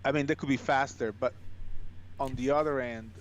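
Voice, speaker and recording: A man's voice: medium pitch, steady tone, moderate pace. Italian man, mid-range voice, thoughtful podcast guest, faint background hiss. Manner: thoughtful, restarts words often. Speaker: podcast guest, coffee machine company CEO. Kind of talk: casual conversation.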